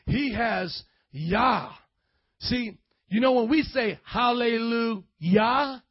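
A man preaching a sermon, calling on the congregation to answer him and building up to shouts. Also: high-pitched, creaky, slightly rough, dull audio. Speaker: pastor.

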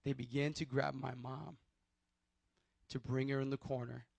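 A man's voice: mid-range voice, little pitch movement, moderate pace, vocal fry, darkish tone, dry recording. A young man, preaching a sermon and telling a personal testimony in a loose, conversational way. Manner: conversational storytelling with restarts and acted quotes.

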